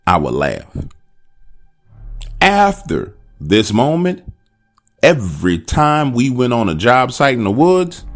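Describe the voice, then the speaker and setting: A man's voice: medium pitch, big pitch swings, slow pace, long pauses, soft background music. A man narrating a first-person horror encounter, speaking dramatically and addressing the listener directly. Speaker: storyteller.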